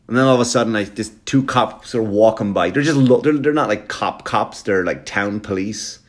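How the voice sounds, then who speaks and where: A male comedian telling a story for laughs, swearing freely and often checking in with a quick question to the listener. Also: fairly low pitch. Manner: profane, animated, keeps checking in with the listener.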